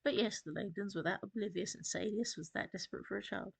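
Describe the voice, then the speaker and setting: A gravelly, husky-edged demon lord who sounds pleased with himself, put on by a woman narrating a storybook. His voice sits low, and his deals are read out slowly and deliberately. He speaks like a gruff operator who knows he holds the contract. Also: no room sound. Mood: smug. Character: smug male demon dealmaker, gruff and boastful.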